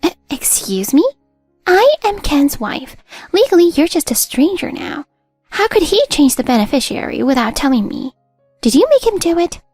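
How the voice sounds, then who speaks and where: A woman voicing a shrill, desperate widow. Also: animated, fairly quick, slightly rough, no room sound, clean studio sound, faint music behind. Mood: furious. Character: desperate indebted young widow, sharp-tongued.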